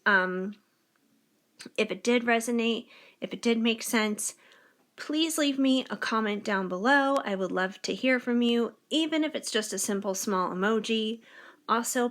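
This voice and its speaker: A woman's voice: fairly high pitch, fairly bright tone. A woman tarot reader talking casually to camera in a spiritual reading, encouraging and chatty with many fillers. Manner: bubbly and giggly near the end.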